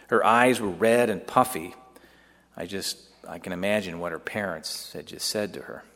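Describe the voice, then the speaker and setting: Joseph, an earnest young son pouring out a tender memory to his mother, as a man plays him. The voice sits a little low and is heartfelt, told as a storytelling monologue. A long hall reverb trails every line. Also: fairly bright tone. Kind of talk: dramatic first-person monologue.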